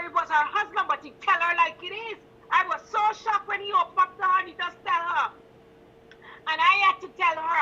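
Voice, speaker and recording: A woman's voice: very high voice, pushed and bright, highs cut off, slight background noise. Impassioned Guyanese woman caller. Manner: emphatic, repeating herself. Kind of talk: impassioned call-in talk.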